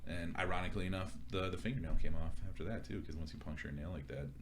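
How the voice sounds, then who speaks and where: A man's voice: sits low, rapid-fire, background noise. A young man co-hosting a casual chat, telling crude stories with lots of laughter and animation. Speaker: podcast co-host.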